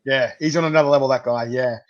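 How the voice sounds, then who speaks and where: A man's voice: medium pitch, fast, muffled recording, a crowd in the background. A man hosting a casual chat, telling stories with animation and frequent laughter. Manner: animated storyteller, laughs often. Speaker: host.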